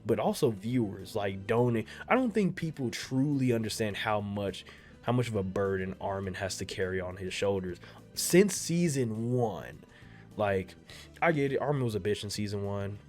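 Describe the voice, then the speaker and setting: A young anime reaction video creator gives casual commentary on an episode, rambling, swearing, and repeating himself. When he gets worked up, his voice suddenly jumps loud and high.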